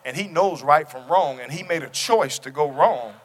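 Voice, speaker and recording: A man's voice: on the high side, normal speed. Preaching man in an echoing church. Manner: preaching, builds to loud exclamations. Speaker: pastor. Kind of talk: sermon. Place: church sanctuary. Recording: long hall reverb.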